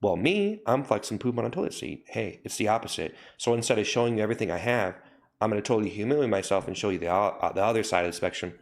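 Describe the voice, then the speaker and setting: A man's voice: fairly low pitch, racing. A young man chatting casually on a livestream, rambling and correcting himself, with lots of fillers. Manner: rambling, self-correcting, says "like" and "you know" a lot. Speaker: livestream host. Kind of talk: casual livestream chat with viewers.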